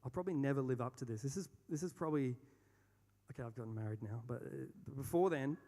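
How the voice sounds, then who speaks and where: A man's voice: mid-range voice, quick pace, dark tone. Young Australian man, self-deprecating storyteller on stage, reverberant hall. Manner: rambling and self-deprecating, with many fillers and restarts. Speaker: speaker.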